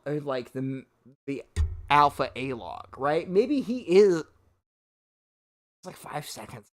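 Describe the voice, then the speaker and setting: A streamer a few shots in is tipsy and ranting on a livestream. The medium-pitched, slightly bright voice swings widely up and down, full of curses and exasperation, with hiccuping gasps breaking up the words.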